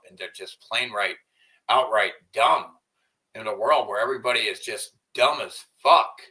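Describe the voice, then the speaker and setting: Angry low-voiced man ranting. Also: sharp tone. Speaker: livestreamer. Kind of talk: livestream rant and chat. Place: at home.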